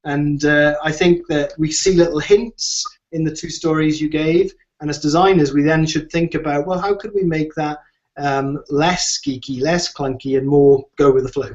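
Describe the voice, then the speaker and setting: With a high-side voice and fairly even intonation, a man speaking at moderate pace fields questions as a design expert in an online discussion. He rambles, restarting often and using lots of fillers, over muffled lo-fi audio.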